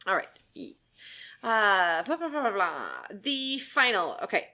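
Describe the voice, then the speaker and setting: A woman co-hosting a podcast in casual, rambling chat, giggly and high on edibles. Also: very animated, measured pace, pushed and bright. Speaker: podcast co-host.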